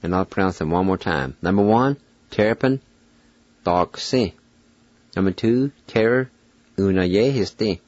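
A man with a very low voice gives a radio language lesson at an unhurried pace, spelling out letters and repeating each word patiently. His voice is dry and close on a studio microphone. The recording has the dull, lo-fi sound of old radio. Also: darkish tone, dry recording.

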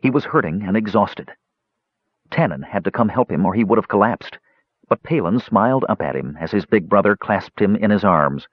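A man narrating a fantasy audiobook with expressive, dramatic storytelling. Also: fairly low pitch, moderate pace, slightly rough, no room sound. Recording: dull lo-fi dry recording.

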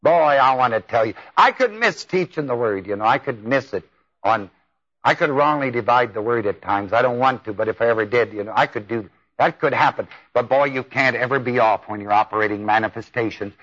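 A man's voice: mid-range voice, fairly bright tone. A man preaching a sermon in a folksy, emphatic way, with exclamations. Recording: dull lo-fi tape.

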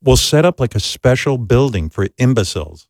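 A man's voice: mid-range voice, big pitch swings, normal speed, darkish tone, dry recording. A talk show host tells a profane, self-deprecating story. His voice rises and falls a lot and sits in a middle range for a man. The recording is dry and close.

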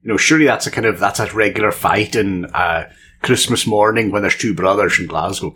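A man's voice: fairly low pitch, fairly quick, bright, forceful tone, a little hiss or hum. A man co-hosting a casual podcast, playful and full of enthusiasm. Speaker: podcast co-host. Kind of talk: casual chat.

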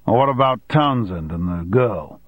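A man's voice: on the low side, expressive, unhurried, no echo. A man voicing a commanding middle-aged male newspaper boss who gives curt orders.

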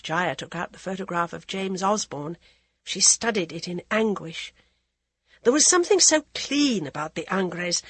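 A woman narrates a novel in a steady, even storytelling voice with a husky, breathy grain. The sound is dry and close, with no room around it. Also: fairly low pitch, no room sound. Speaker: audiobook narrator. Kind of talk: scripted narration.

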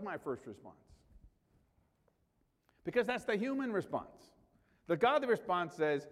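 A man's voice: sits high, animated, moderate pace, in a large hall. A male pastor preaching a sermon in a conversational way, rising sharply for emphasis.

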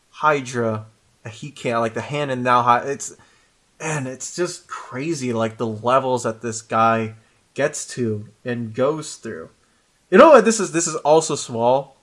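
A man's voice: mid-range voice, a bit bright. A man co-hosting a casual comic book chat, rambling and restarting often with fan enthusiasm. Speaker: comic book podcast co-host.

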